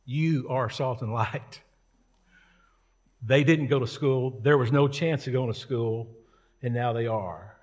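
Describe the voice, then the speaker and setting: A man's voice: mid-range voice, takes it slowly, long pauses, long reverb tail. A man preaching a casual sermon, telling a story in a folksy, joking way.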